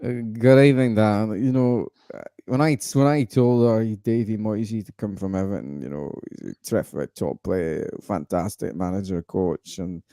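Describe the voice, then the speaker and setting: Guy doing a blustery old football boss, low mellow voice, booming. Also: moderate pace, hardly any pauses, no room sound, clean studio sound, lightly acted. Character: older Scottish male football manager.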